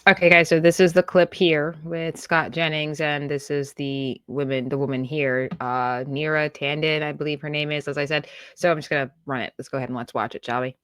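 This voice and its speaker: A woman's voice: deep voice, steady tone, brisk, few pauses, fairly bright tone, smooth, no room sound, studio quality. A woman hosting a political commentary show, reacting bluntly and scornfully to a news clip she plays.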